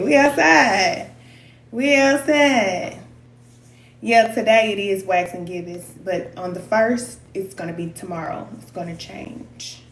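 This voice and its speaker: A woman's voice: medium pitch, far from the mic. A woman with a Kansas City accent, a spiritual reader chatting casually and playfully on a livestream, greeting viewers as cousins and laughing often. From Kansas City, USA. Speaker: spiritual reader and live streamer. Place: indoor room, moving around the camera. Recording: roomy echo, off-mic, faint room noise.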